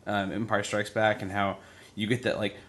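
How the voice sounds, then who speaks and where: A man's voice: fairly low pitch, flat delivery, moderate pace, a bit bright. A man who is a guest on a podcast, talking in an enthusiastic, chatty way about films and correcting himself as he goes. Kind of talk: casual podcast chat.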